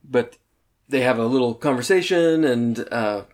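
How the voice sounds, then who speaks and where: A man's voice: mid-range voice, unhurried, a little mellow. A man co-hosting a casual book discussion podcast, chatty and laughing often, sometimes searching for words. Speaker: podcast co-host.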